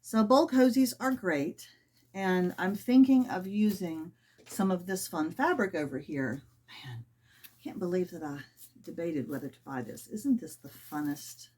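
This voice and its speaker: A woman's voice: on the low side, unhurried. A middle-aged woman chatting casually and rambling a little as she works through a sewing project at home. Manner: chatty, rambling, soft-spoken asides. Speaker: sewing vlogger. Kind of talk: casual chat while sewing.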